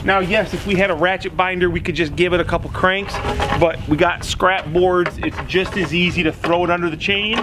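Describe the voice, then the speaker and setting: A man's voice: high voice, fairly even intonation, brisk, noisy background. A man, a building contractor, giving a casual how-to explanation in plain-spoken, folksy tradesman talk at an outdoor construction site.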